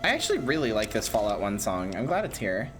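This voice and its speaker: Young woman, streamer, joking banter with chat, lowish voice, big swings in pitch. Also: big pitch swings, fast talker, a little hiss or hum. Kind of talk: casual gameplay commentary.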